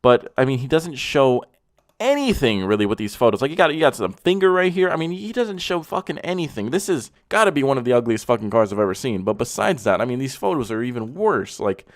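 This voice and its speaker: A man's voice: medium pitch, big pitch swings, fairly quick, no echo, clean studio sound. Blunt, mocking young man reviewing cars. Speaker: car reviewer host. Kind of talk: profane comedic car commentary.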